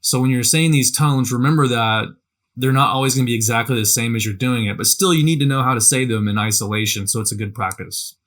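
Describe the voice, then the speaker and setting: A man's voice: medium pitch, fast talker, a bit bright. Man casually coaching tone practice. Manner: conversational, repeats words, frequent "right?" tags. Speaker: language teacher. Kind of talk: casual instructional talk.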